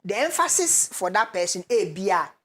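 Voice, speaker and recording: A woman with a Ghanaian accent appears as a guest expert on a talk show, explaining things step by step in a measured way, with hesitant fillers as she moves between Twi and English. Her voice is mid-range and very animated.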